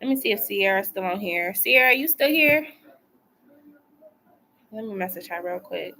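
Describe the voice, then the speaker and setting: A woman's voice: mid-range voice, expressive, moderate pace, sharp tone, a little hiss or hum. A woman doing a casual live tarot reading from home, chatty and colloquial, repeating phrases for emphasis. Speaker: tarot reader.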